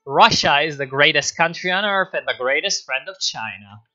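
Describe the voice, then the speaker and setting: A smug, scheming diplomat, as a man puts him on in a sly, gloating tone. The voice sits a little high and is very bright. Faint music plays under a dull, lo-fi stream recording. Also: animated, normal speed.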